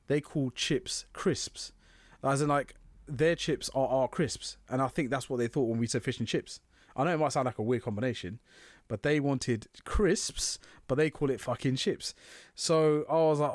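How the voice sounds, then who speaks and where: Male co-host, mid pitch, dry close mic, sweary storyteller with animated quotes. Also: no echo. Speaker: podcast co-host. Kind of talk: casual chat.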